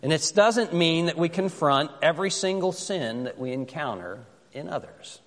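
A man preaching to his congregation, his voice set a little high. He moves from loose, conversational storytelling to slow, deliberate scripture reading. His words ring out with a long reverb, as if in a large church sanctuary. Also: animated, fairly bright tone. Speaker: pastor. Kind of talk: sermon.

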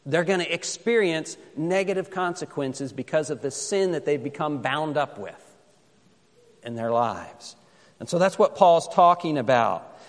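A pastor preaches a sermon, telling a story conversationally and reading scripture slowly and carefully. His voice is on the high side, and the recording has a big-room sound.

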